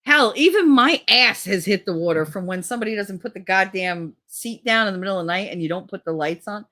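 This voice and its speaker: A woman's voice: mid-range voice, lively intonation, brisk, pushed and bright. A middle-aged woman streaming a casual chat, rambling through crude stories with lots of swearing.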